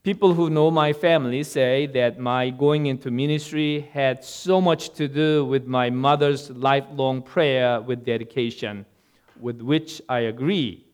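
Slow, smooth-voiced male pastor, halting sermon delivery with fillers. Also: mid-range voice.

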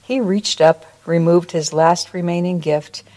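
A woman reading a children's story aloud at a church service in a slow, expressive way, ending with a short prayer. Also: on the low side.

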